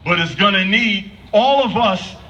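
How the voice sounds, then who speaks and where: Distantly miked, a man with a high voice and sharp tone speaks at a measured pace. He's addressing an outdoor vigil off the cuff, asking the crowd repeated questions. The audio is flat and lo-fi, with faint noise underneath.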